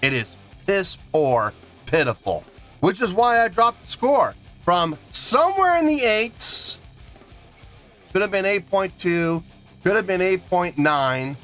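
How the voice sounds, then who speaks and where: A man's voice: high voice, big pitch swings, takes it slowly, a bit bright, soft background music. A man reviewing a song in an emphatic, indignant rant, counting out beats aloud. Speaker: music reaction reviewer.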